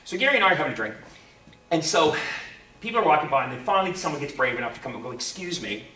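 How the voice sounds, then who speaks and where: Lively male host in an echoey room. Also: fairly high pitch, rapid-fire, far from the mic. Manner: lively storyteller, acts out the people in his story. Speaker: convention panel host. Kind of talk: animated anecdote to a live audience. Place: convention panel room.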